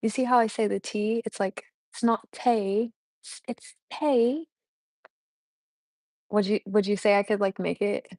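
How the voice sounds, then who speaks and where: A woman's voice: mid-range voice, level tone, moderate pace, few pauses, darkish tone, no echo. Bubbly young woman streamer, dry sound. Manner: bubbly and chatty, laughs often, answers chat questions. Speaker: livestreamer. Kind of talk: casual live-stream chat with viewers.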